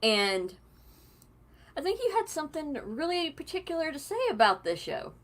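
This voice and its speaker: A woman's voice: high voice, big pitch swings, moderate pace. A young woman hosting a live stream, chatty and giggly with a cackling laugh. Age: young adult. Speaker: host.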